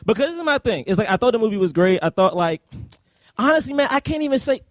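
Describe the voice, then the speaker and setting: A man co-hosting a live podcast discussion of a film, talking in an animated, rambling way with many fillers and laughs. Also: high-pitched, quick pace, dry recording. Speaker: podcast co-host. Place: live event at a university.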